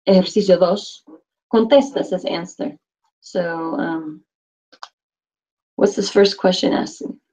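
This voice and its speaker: A woman teaching a Spanish class, reading phrases slowly and translating them with patient explanations. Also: on the low side, vocal fry, a little mellow. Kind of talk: classroom instruction. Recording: dull lo-fi classroom recording.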